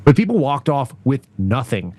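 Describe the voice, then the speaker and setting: A man talking as a guest on a casual political talk show, rambling through anecdotes in an animated way. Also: medium pitch, moderate pace. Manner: rambling, animated storyteller with frequent laughs.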